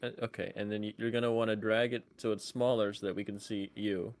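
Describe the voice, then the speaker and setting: A man's voice: lowish voice, little pitch movement, fast. A man with a New York accent chatting over voice call, joking and rambling. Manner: joking, rambling, self-deprecating. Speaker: guest on voice call. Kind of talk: casual stream chat.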